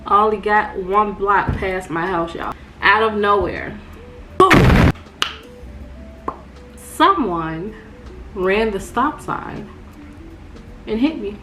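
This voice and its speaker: Slow-talking woman telling a storytime vlog. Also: mid-range voice, over music. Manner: animated storytelling, addresses viewers as y'all. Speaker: vlogger.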